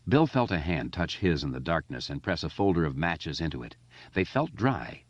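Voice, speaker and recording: A man reading a horror novel aloud as audiobook narration, measured and dramatic, in a slightly dull, lo-fi recording. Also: rumbling low, sing-song, slightly rough, no echo.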